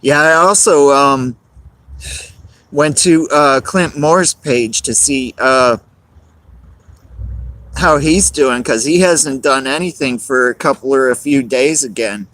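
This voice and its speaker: A man's voice: mid-range voice, slow, long pauses, fairly bright tone. A man, live-streaming outdoors on a cold, windy day, rambling and greeting chat viewers by name.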